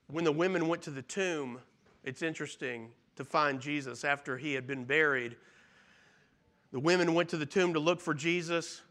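A man preaching a sermon, earnestly retelling scripture and swinging from loud emphasis to hushed near-whispers. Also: on the high side. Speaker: pastor.

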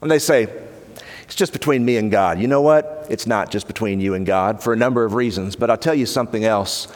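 A man preaching a sermon in an earnest, emphatic manner, slowing down to stress key points. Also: lowish voice. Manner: earnest, emphatic, slows down for weight. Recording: long hall reverb.

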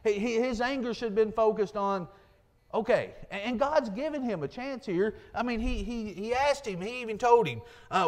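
High-voiced man preaching a sermon. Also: moderate pace. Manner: earnest, repetitive restarts, quotes scripture.

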